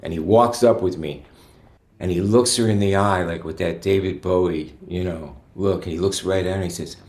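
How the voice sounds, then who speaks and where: A man with a lowish voice tells relaxed, rambling stories as a guest musician. He peppers his talk with "you know" and wanders through the details. The sound has a roomy echo around it. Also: normal speed. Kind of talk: relaxed anecdotal storytelling.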